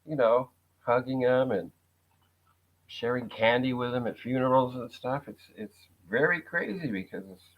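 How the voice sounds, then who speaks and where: A wry, sarcastic man talking casually as a show guest, with a medium-pitched voice. His voice comes through a dull, lo-fi recording. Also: moderate pace. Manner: wry, sarcastic, laughs at his own jokes. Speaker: guest, actor and writer. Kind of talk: casual conversation. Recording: dull lo-fi sound.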